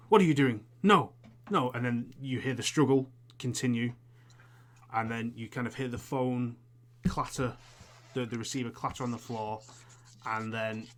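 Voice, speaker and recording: List: man, game master, hesitant narration, restarts, faint background hiss. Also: medium pitch. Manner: hesitant, many fillers and restarts. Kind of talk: narrating a tabletop horror game.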